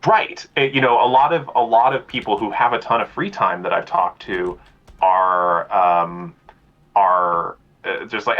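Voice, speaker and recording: A man's voice: fairly low pitch, measured pace, muffled recording. Chatty man guesting on a stream. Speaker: guest speaker on mental health. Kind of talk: casual livestream chat.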